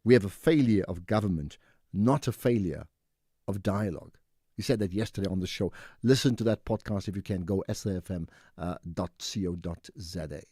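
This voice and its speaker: A man's voice: deep voice, fairly quick, warm tone, husky, no echo, clean studio sound. A man hosting a call-in radio show, talking casually and pushing back on callers. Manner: conversational, rebuts callers directly. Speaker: radio talk show host. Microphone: studio microphone.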